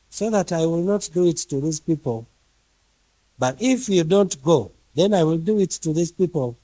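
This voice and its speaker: A preacher mocking a furious, petty God. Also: male voice, fairly high pitch, mellow, no room sound, lightly acted, poor audio. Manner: ranting, self-pitying, repetitive threats. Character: furious petty male God, sulky, vengeful. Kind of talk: mocking caricature in a sermon.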